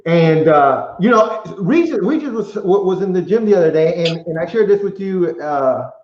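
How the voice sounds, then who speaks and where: A man hosts a podcast in casual chat, reflective and rambling with many restarts. His voice sits high, expressive, at a moderate pace, on echoey, muffled live-stream audio.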